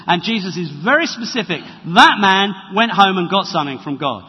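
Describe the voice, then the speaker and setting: A man preaching a sermon in a conversational, animated way and acting out the quotes he tells. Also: high voice, normal speed, breathy edge. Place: church hall. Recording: reverberant, dull lo-fi church recording.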